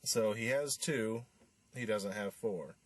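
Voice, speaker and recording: A man's voice: fairly low pitch, slow pace, no echo. A man hosting a podcast, recapping a film in a casual, rambling way with lots of fillers and restarts. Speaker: podcast host reviewing a film.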